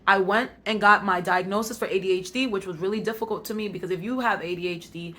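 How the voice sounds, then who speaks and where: A woman's voice: medium pitch, quick pace, fairly bright tone. A young woman with an African American Vernacular English accent, talking candidly to her camera in a casual vlog, reflecting on herself and talking herself into confidence. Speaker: vlogger.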